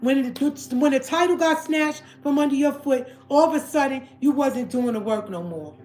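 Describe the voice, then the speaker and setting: A woman's voice: sits high, normal speed, a little mellow, echoey room, soft background music. A woman hosting a livestream, ranting heatedly and repeating herself as she calls her viewers family. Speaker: livestream host. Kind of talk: emotional livestream rant.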